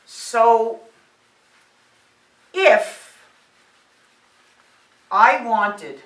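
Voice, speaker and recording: A woman teaching high school physics who often checks in with "all right" and "okay" and counts digits aloud. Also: drawn-out words, a bit bright. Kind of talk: classroom lecture at a board. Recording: roomy sound, mic set at a distance.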